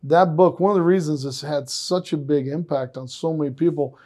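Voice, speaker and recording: Enthusiastic man with a warm, higher voice. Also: normal speed. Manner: enthusiastic, animated storyteller. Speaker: interviewer. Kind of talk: casual conversation.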